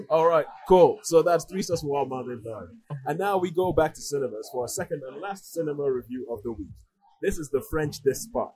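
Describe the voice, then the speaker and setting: A man's voice: on the high side, lively intonation, moderate pace, dark tone. A man hosting a casual radio film segment, joking and stumbling over his starts. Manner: joking, repeats words when starting. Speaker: radio host.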